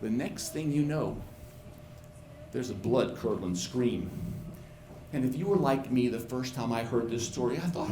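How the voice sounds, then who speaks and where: A middle-aged man telling a personal story live at a pub, in a folksy, animated way with frequent repeated words. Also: mid-range voice, unhurried, long pauses, a little hiss or hum. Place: pub stage before an audience. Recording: roomy pub with faint chatter.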